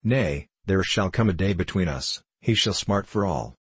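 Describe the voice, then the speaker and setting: A man's voice: low voice, expressive, normal speed, slightly rough, no echo. A man reading a timid, pious runaway youth. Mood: earnest. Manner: pleading, old-fashioned speech.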